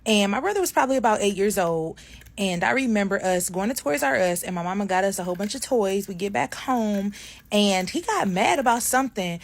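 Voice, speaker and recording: A woman's voice: medium pitch, lively intonation, moderate pace. Chatty woman telling a spooky story. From Detroit, USA. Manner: chatty, addresses viewers directly, acts out voices. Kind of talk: casual storytelling to followers.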